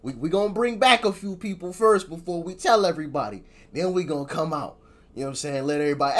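A man's voice: a little high, lively intonation, fairly quick, slight background noise. A man hosting a reaction video, talking casually in a joking, slangy way.

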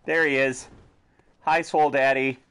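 A man's voice: mid-range voice, level tone, a little slow, a bit bright, smooth. A man giving goofy, joking commentary while playing a video game, laughing often and slipping into silly voices. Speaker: gaming video host.

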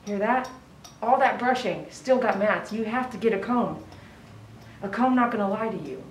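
A woman dog groomer giving casual running commentary while she works, chatty and softly cooing to the dog. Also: on the high side, slight background noise. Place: grooming salon. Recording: echoey room, mic at a distance.

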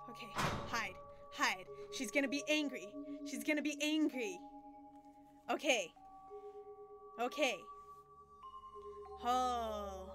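A young woman streaming a game live, talking to her chat in excited, panicky bursts. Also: a little high. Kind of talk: live gameplay commentary.

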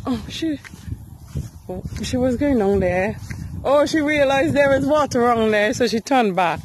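A woman's voice: high voice, sing-song, measured pace, slight background noise. A woman vlogging outdoors by a river while walking her dog, talking to it in a coaxing, sing-song way. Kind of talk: casual outdoor vlog chat.

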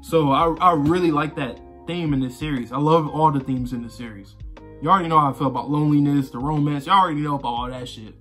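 A man's voice: on the high side, fast, a bit bright, faint music behind. A man casually talking through his reaction to a manga, rambling and conversational, swearing freely and filling gaps with "you know" and "like.". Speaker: manga reaction channel host.

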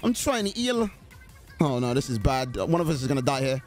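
A young man giving excited live commentary on a horror game he is playing, chatting to his teammates and the killer. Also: medium pitch, a little fast, faint music behind. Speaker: gaming YouTuber.

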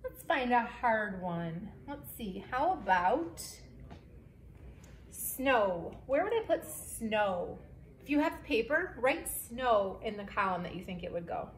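Slow, clear woman teaching young kids. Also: mid-range voice, lively intonation. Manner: slow, clear, encouraging, spells words letter by letter. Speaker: second grade teacher. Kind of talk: remote phonics lesson for children. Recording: echoey room, faint background hiss.

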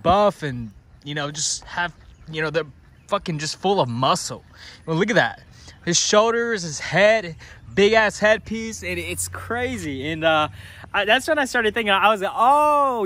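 A man's voice: high voice, lively intonation, moderate pace, bright, forceful tone. A young man, a dog breeder, chatting casually in a rambling, laid-back vlog, swearing freely.

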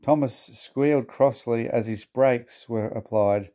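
A man reading a children's storybook aloud, in a measured, gentle manner. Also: medium pitch. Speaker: narrator.

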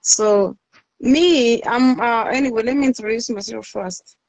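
A woman calls in and speaks broken, pidgin-tinged English in a complaining tone. Her voice is high, and the recording is dry. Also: unhurried, no room sound. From Uganda. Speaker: caller. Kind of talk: casual chat.

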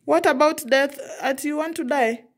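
A woman's voice: sits high, moderate pace. A young mother from Africa scolding her child at home, exasperated, repeating herself. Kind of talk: casual scolding vlog.

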